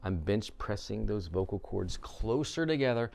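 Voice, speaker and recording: A man coaching vocal exercises, guiding listeners through a warmup with upbeat instructions. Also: fairly low pitch, expressive, moderate pace, gravelly.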